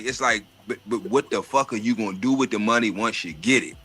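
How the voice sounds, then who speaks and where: Man, bright forceful voice, casual streetwise chat, swears a lot, stumbles and repeats words. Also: medium pitch, a little fast, few pauses. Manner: profane, streetwise, repeats words when thinking. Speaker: podcast host.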